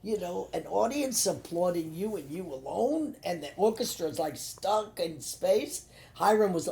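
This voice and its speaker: An older woman guest on a talk show spins backstage stories with theatrical flair. Her voice is gravelly and sits fairly low, and she slips into little voices for the people in her tales. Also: measured pace. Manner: lively anecdotal storyteller, acts out quotes. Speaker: guest actress. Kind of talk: storytelling chat.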